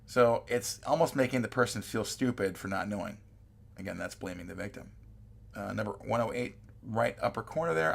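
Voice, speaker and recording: A man delivers a recorded college lecture in a relaxed, conversational manner. His voice sits a little low and has a gravelly fry to it. He reads quoted examples aloud and keeps checking in with his listeners. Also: fairly quick.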